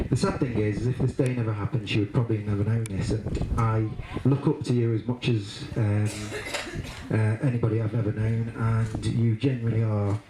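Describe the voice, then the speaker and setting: Laughing man giving a wedding speech. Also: mid-range voice. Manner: laughing, halting storyteller with many fillers. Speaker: brother of the bride giving a speech. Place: wedding reception. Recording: echoey room, loud background noise.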